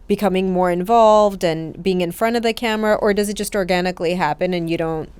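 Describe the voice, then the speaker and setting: Smooth-voiced woman interviewer. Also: on the low side, fairly quick. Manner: warm, encouraging, laughs along. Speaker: podcast host. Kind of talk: casual interview.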